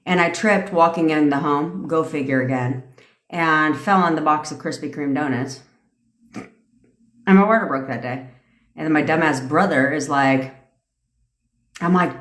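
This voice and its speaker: A woman's voice: low-pitched, measured pace, long pauses, fairly bright tone, reverberant. A woman coaching viewers on a casual livestream, blunt and profane, laughing often. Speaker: manifestation coach. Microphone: phone or webcam.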